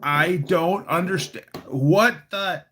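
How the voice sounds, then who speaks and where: A man putting on a high, whiny, baffled voice to play a confused male clown villain. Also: slow, fairly bright tone, slight background noise.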